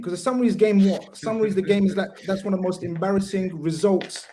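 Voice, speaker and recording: A man's voice: high-pitched, fairly even intonation, fast, hardly any pauses, dark tone. A man with a London accent ranting and teasing his friends in a casual football chat on a podcast.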